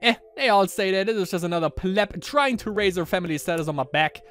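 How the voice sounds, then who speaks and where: A man's voice: sits high, fast, fairly bright tone, clear, resonant tone, faint music behind. A man voicing a haughty young Roman emperor with grandiose, theatrical delivery, reading game lines aloud.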